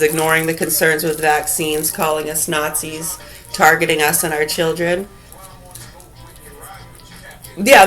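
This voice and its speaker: A woman with a fairly low voice unloads a furious, profanity-laced rant to camera. She drops into bitter mutters, then bursts out shouting. Faint music plays under her. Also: poor audio. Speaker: mother ranting to camera. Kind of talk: angry profane rant vlog.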